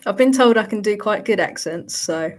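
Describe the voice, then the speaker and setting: A woman's voice: medium pitch, expressive, normal speed. A woman hosting a casual live Q&A, chatty and laughing often as she reads out viewer questions. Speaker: livestream host answering viewer questions.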